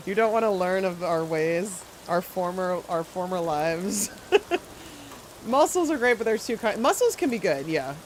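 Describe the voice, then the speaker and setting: A game streamer chatting loosely with viewers while playing, voice sitting in an ordinary middle pitch. The talk wanders and doubles back with plenty of fillers, and the opinions are delivered firmly. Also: animated, measured pace, a little hiss or hum, low-quality recording. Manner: rambling, chatty, answers chat, strong food opinions. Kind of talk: casual live-stream chat while playing.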